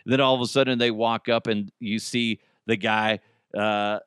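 A man's voice: lowish voice, steady tone, normal speed, a bit bright, clear, resonant tone, no echo, clean studio sound. A man hosting a comedy podcast, riffing on news stories in a crude, rambling way and laughing at his own jokes. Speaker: podcast host. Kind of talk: casual comedic commentary.

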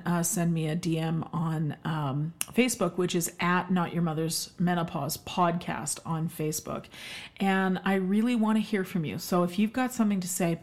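A middle-aged woman from Canada hosting her own podcast solo, talking in an emphatic, effusive way with many ums and uhs. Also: fairly low pitch. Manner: warm, emphatic, effusive with frequent fillers. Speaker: podcast host, health expert.

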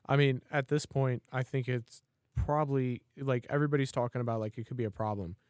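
A man co-hosting a fan podcast in an easygoing, joking way. His voice sits at an ordinary middle pitch. The sound is dry and close to the mic. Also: steady tone, darkish tone, no echo. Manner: laid-back, joking, quick to laugh. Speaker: podcast co-host. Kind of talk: casual fan podcast chat.

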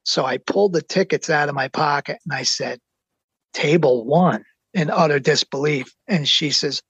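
A middle-aged man telling a personal story in an excited, earnest way, slowing down to stress the big moments. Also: on the high side, husky, dry recording. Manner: excited, earnest, slows down for emphasis. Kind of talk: personal anecdote.

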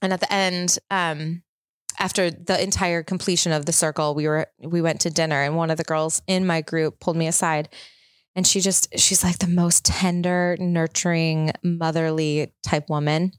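Woman in her thirties, podcast host, low voice, dry close sound, chatty and reflective. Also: flat delivery, normal speed, clear, resonant tone, no echo. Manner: reflective storytelling, chatty and open. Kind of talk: casual chat.

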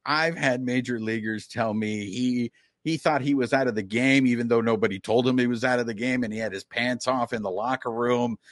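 A man's voice: medium pitch, a little fast, dry recording, clean studio sound. A man hosting a podcast, asking long, enthusiastic, rambling questions in a casual chat. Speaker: podcast host.

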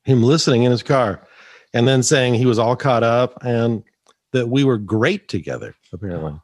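A man co-hosting a podcast, joking in a lively casual chat. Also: medium pitch, normal speed, no room sound, clean studio sound. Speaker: podcast co-host.

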